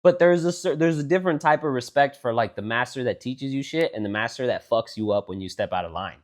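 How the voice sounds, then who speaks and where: A man co-hosting a casual podcast, telling stories with a lot of swearing and swinging between loud outbursts and low mutters. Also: fast talker. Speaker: podcast co-host. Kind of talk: casual chat.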